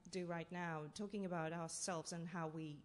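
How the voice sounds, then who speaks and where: A woman from Russia, telling stories as a playwright on a festival panel, halting and full of fillers. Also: lowish voice, steady tone. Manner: halting, with many fillers and restarts. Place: festival talk session in a hall.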